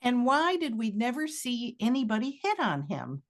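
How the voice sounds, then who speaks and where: A woman fan panelist on a video call, speaking in a wry, animated way and laughing at her own ideas. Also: on the high side, normal speed. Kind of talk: casual video-call chat.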